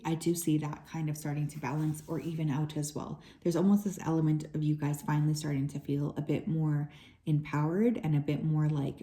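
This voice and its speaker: Low, mellow-voiced woman reading tarot. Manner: relaxed and chatty, with frequent fillers and soft asides. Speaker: tarot reader.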